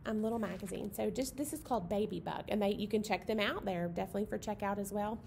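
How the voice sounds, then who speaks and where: A woman leading a children's library storytime, cheerful and chatty, with fillers and quick asides. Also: mid-range voice, vocal fry, darkish tone, slight background noise.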